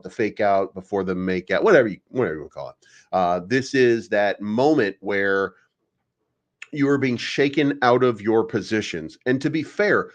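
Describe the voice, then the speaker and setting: A young adult man hosting a crypto show, ranting with sarcasm and mocking viewers in whiny put-on voices. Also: mid-range voice. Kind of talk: energetic daily crypto show monologue.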